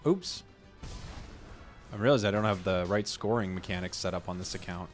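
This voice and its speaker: A man's voice: deep voice, normal speed, faint music behind. Chatty man playing a video game. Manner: chatty, animated, bursts into loud excitement. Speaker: gaming video host. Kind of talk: casual gameplay commentary.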